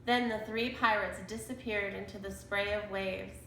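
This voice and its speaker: A woman reading a children's chapter book aloud in a slow, deliberate storytelling manner. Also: mid-range voice, fairly even intonation, creaky, fairly bright tone, echoey room, slight background noise, rough recording. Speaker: storybook reader.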